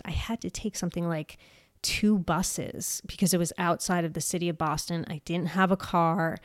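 A woman's voice: on the low side, no echo, studio quality. A woman in her forties hosting a podcast, talking frankly and with emphasis and swearing freely. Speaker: podcast host. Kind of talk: casual podcast talk.

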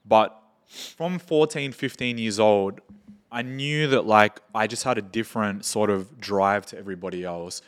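Australian man telling party stories, low-pitched. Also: a little slow, clear, resonant tone. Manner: animated anecdotes, swearing, quotes people in his stories. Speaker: podcast guest. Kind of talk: casual storytelling chat.

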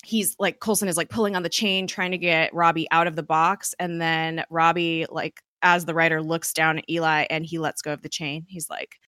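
A woman casually recapping a TV episode in a chatty, rambling way, full of fillers and quick laughs. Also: low voice, flat delivery, sharp tone, dry recording, clean studio sound. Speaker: podcast host recapping a TV episode.

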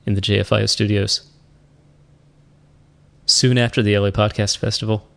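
With a fairly low, creaky, fairly bright voice and a flat delivery at moderate pace, a man hosts a podcast. He chats casually, jokes at his own expense, and keeps trailing off and restarting through the conversation and his solo wrap-up.

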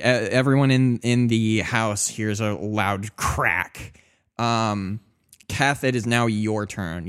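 A man narrates a tabletop game as its game master, his voice smooth and clear. He talks slowly, pausing often with fillers and restarting his sentences as he describes each scene. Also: lowish voice. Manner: hesitant, many fillers and restarts.

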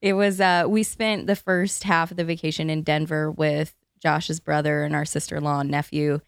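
Gravelly low-voiced woman telling stories. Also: flat delivery, moderate pace, no echo, studio quality. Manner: chatty storyteller who laughs while telling stories. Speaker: co-host. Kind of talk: casual chat.

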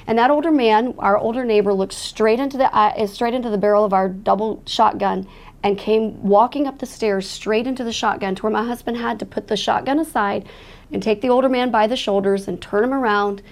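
A woman's medium-pitched voice moves a little fast as she earnestly describes a frightening night. It's an emotional, faith-centered testimony.

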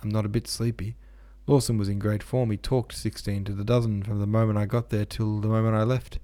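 A man's voice: fairly low pitch, little pitch movement, brisk, warm tone, close to an everyday voice. Man reading a curt, weary young man. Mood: cold. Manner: curt, restrained.

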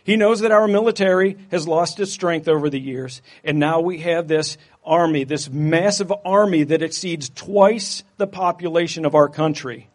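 A man preaches a sermon to his congregation in an easygoing, conversational way. He jokes along as he builds his points, and his speaking voice sits a little higher than most men's. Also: normal speed, few pauses. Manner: casual, jokey and conversational. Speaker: pastor.

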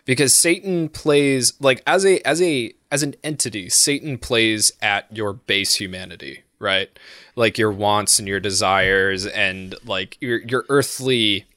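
A man's voice: on the low side, unhurried, pushed and bright, no room sound, clean studio sound. A man chatting casually on a podcast, telling stories in a rambling, profane way with lots of fillers. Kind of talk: casual chat.

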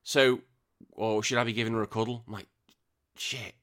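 Bright-voiced, excitable, swearing podcast host. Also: male voice, on the low side, moderate pace. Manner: excitable, swears freely, trails off quietly. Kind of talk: casual gaming news chat.

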